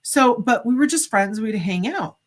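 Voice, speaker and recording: A woman's voice: fairly high pitch, normal speed, noisy background. A middle-aged woman, a psychic medium, telling a story as a podcast guest, acting out the dialogue with many casual fillers. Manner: animated, acts out quoted dialogue, frequent "like" fillers.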